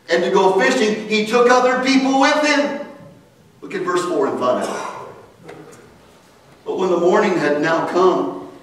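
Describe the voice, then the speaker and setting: Pastor guy preaching, kinda high voice, big echoey church sound from far off. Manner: preaching with rising emphasis, calling for amens. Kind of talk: sermon. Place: church sanctuary. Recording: very echoey church hall, mic at a distance.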